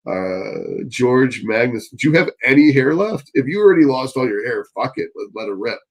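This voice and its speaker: A man hosting a live stream Q&A, reading chat questions and answering bluntly, swearing often and getting excitable. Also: mid-range voice, normal speed, hardly any pauses, low-quality recording.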